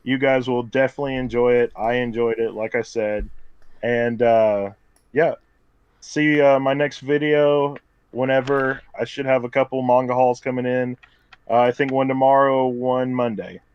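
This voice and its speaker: A man's voice: medium pitch, steady tone, moderate pace, clear, resonant tone, dry recording. A man co-hosting a podcast, chatting casually and recommending a manga in an upbeat, teasing way. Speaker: podcast co-host. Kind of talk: casual chat. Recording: dry muffled lo-fi mic.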